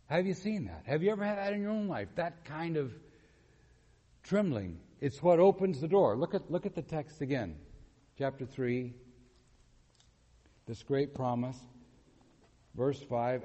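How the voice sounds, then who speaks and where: A male preacher tells a story from the pulpit in a sermon, putting on the voices of the people in it and checking in with the congregation as he goes. His voice sits at an ordinary middle pitch. The sound carries a long reverb from a large hall. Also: a little slow, long pauses, lo-fi sound. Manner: animated, acts out quotes, asks the audience questions.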